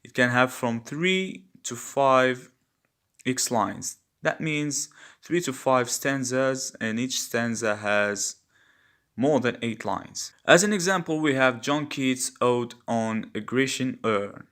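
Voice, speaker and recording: A man's voice: mid-range voice, slow pace, a bit bright. A man teaching a poetry lesson step by step, patiently explaining each stage and repeating key terms. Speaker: English literature teacher.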